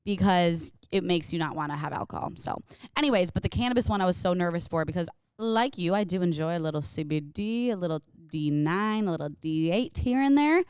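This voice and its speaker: A young woman hosts a podcast in easy, rambling chat, earnest and supportive. Her voice is somewhat low and smooth, and the recording is dry and close. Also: expressive, fairly quick, darkish tone, no echo. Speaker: podcast host. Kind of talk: casual chat.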